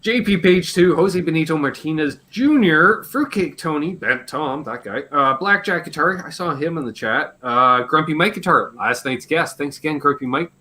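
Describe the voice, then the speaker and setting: Lively, bright-voiced man hosting. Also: on the high side, normal speed, few pauses. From Canada. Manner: rambling, joking, swears casually. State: slightly hoarse. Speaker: livestream host. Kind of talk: casual live Q&A chat.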